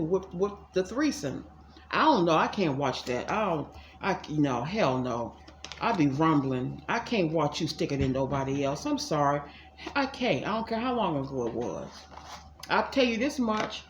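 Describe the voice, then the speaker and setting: A woman's voice: on the low side, big pitch swings, moderate pace. A woman from the DC rambles through a casual tarot reading at home, talking to her viewers as y'all and circling back over the same words. Her voice sits in a middle range and carries a noticeable room echo. A faint hum of background noise sits underneath. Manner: chatty, addresses viewers as y'all, repeats herself. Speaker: psychic tarot reader.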